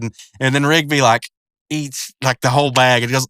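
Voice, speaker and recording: A man's voice: mid-range voice, fairly even intonation, moderate pace, sharp tone, clean tone, dry recording, clean studio sound. A man giving casual commentary on a cartoon episode, rambling along with lots of fillers and restarts. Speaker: video commentator.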